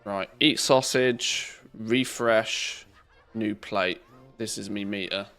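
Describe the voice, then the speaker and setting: A man's voice: lowish voice, steady tone, slow, gravelly, sharp tone, faint music behind. A man chatting loosely and joking as he streams a game, swearing now and then. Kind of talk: casual live-stream commentary.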